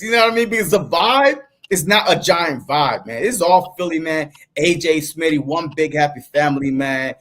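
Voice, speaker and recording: A man's voice: fairly high pitch, expressive, normal speed, hardly any pauses, a bit bright. Laid-back man talking sports. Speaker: podcast co-host. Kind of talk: casual sports talk.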